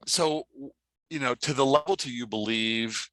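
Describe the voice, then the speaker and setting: A man, a podcast guest and life coach, telling a story in an animated way and acting out the voices of the people in it. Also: a little slow, dry recording. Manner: lively, acts out quoted voices with big pitch jumps.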